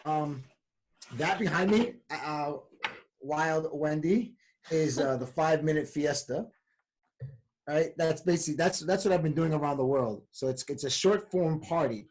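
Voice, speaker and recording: A man's voice: on the high side, a little mellow. A man guesting on a podcast over a video call, upbeat and jokey in casual chat. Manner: upbeat, jokey, talks in quick bursts.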